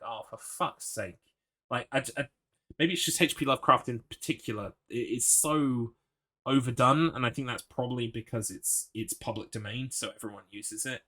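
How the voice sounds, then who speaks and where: A man's voice: medium pitch, sharp tone. A man streaming a horror game, chatting with his audience in a rambling, swear-prone way. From United Kingdom. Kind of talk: gaming livestream commentary.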